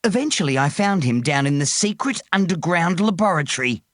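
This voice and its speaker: A woman reading a children's book aloud in a slow, expressive way. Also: fairly low pitch, dry recording, clean studio sound. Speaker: audiobook reader.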